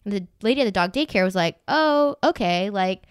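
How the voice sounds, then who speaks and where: A woman's voice: mid-range voice, a little fast, clear, resonant tone, dry recording. Young woman telling a story, dry sound. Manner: animated storytelling, swears freely, many "like" fillers. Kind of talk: casual chat.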